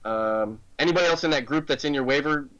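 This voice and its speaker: An American man co-hosting fantasy football radio, giving quick joking analysis in casual chat. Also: medium pitch, fairly bright tone, muffled recording. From United States.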